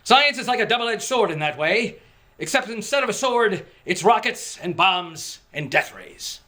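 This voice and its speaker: A man playing a pompous bright-voiced detective. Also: high voice, expressive, normal speed. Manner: pompous, self-assured, earnest proclamations. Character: pompous cocky male big-city detective. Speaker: detective hero. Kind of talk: 1940s radio serial acting. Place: stage.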